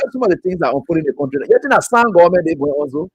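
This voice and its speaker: A man's voice: fairly high pitch, rapid-fire, hardly any pauses, a little mellow, husky, no echo, rough recording. A man from Liberia hosting an online talk show, greeting viewers by name and mocking his critics. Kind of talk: casual political commentary.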